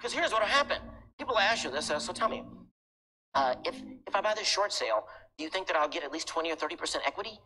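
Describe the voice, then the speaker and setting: A man giving a keynote talk, telling a story dramatically, acting out dialogue and shouting punchlines. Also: a little high, lively intonation, fast talker, a little hiss or hum. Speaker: keynote speaker. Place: recorded talk played to a class.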